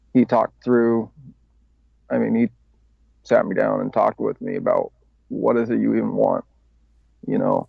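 A man's voice: medium pitch, no room sound. A man guest on a podcast, candidly telling his recovery story in a rambling, casual way with swearing and self-mocking laughs. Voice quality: gravelly. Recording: dry, slightly dull podcast audio.

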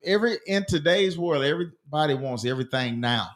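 A man's voice: fairly high pitch, expressive, fairly quick, a bit bright. Laid-back man talking sports. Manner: laid-back, rambling, with many fillers. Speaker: podcast co-host. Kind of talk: casual sports chat.

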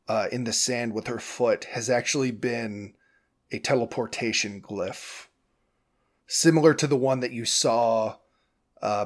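A man narrating as game master in a relaxed, rambling way. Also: mid-range voice. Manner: relaxed, rambling, laughs easily.

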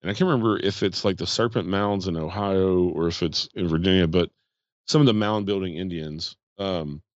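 A man's voice: low voice, normal speed, no room sound, lo-fi sound. A man, chatting casually on a podcast and rambling with many fillers. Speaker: podcast host. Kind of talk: casual chat.

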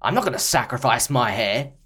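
A man's voice: medium pitch, big pitch swings, fairly quick, fairly bright tone, breathy edge, voice pushed down. A man improvising as a touchy one-armed male actor at an audition, defensive and indignant. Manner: indignant, defensive about his hair. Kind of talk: improvised comedy sketch.

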